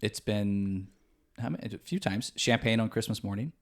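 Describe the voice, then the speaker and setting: A man's voice: lowish voice, normal speed. A young man from the Midwest US, co-hosting a podcast in easygoing casual chat with many fillers. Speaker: podcast co-host.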